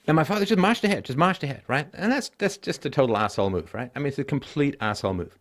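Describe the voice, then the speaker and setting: A man's voice: animated, fast talker. Blunt middle-aged man hosting a call-in show. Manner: blunt, profane storytelling, swinging between low weary and loud emphatic.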